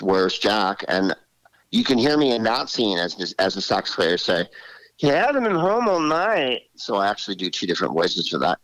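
A man in his sixties, a comedian guest telling animated stories in an interview and slipping into voices. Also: sits low, dry recording, rough recording. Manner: animated, drops into character voices. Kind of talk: storytelling interview.

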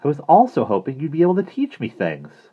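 A man voicing a young female school counselor who talks gently and patiently, in a muffled lo-fi recording. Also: a little high, wildly swooping pitch, a little fast, breathy edge, pitched above the performer's own voice, heavily acted.

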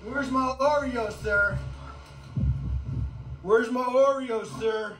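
A man voicing his hungry pet pig, which slowly and politely insists on getting its cookie. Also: extremely high pitch, steady tone, roomy sound, background noise. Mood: demanding. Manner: slow, insistent, mock-polite pleading.

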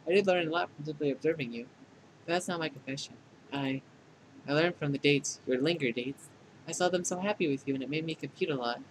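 A man's voice: fast, a little hiss or hum, close to an everyday voice, low-quality recording. A man voicing a condescending, clingy female AI program in a fan dub of a dating game, with mocking, clinical put-downs. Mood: confiding. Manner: deadpan scolding that tips into shrill outbursts.

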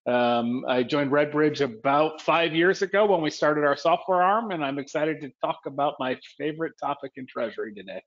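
A man introducing himself briskly as a webinar co-speaker. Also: on the high side. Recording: lo-fi online call audio.

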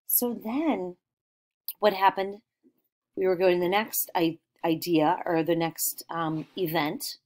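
A woman's voice: on the low side, steady tone, a little mellow. A woman teacher guiding young children through retelling a story, asking questions and praising their answers. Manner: slow, encouraging questions.

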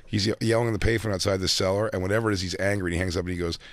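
Fast-talking low-voiced man. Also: steady tone, no room sound. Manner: rambling anecdotes with quick asides. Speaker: podcast host. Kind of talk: casual chat, storytelling.

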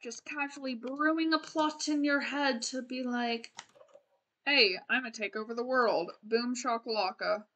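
Bright chatty young woman streamer. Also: a little high, unhurried. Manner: chatty, rambling, restarts and fillers, playful. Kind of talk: casual gameplay commentary.

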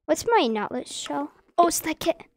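A woman casually commenting as she plays a video game, hesitant with frequent ums and bursts of excited squealing. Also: sits high, moderate pace, a little hiss or hum. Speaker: gamer.

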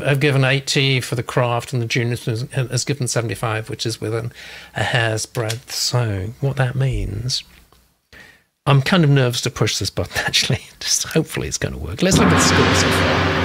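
A man's voice: mid-range voice, gravelly. An English man hosting a casual panel chat over a video call, reading out viewer comments in a chatty way. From England. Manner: warm, chatty, breaks into laughs. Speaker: host of a manuscript feedback show.

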